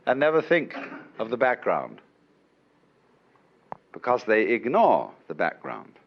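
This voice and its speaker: A man giving a public lecture in an unhurried, wry way, with chuckles, on an old lo-fi recording from a lecture hall. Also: mid-range voice. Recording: dull lo-fi archive lecture recording.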